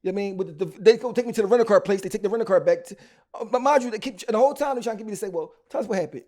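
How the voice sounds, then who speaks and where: A rapper guest from Philadelphia tells his story during an interview in a Philly accent. He speaks in a high-pitched, racing voice, with slangy, animated bursts full of restarts.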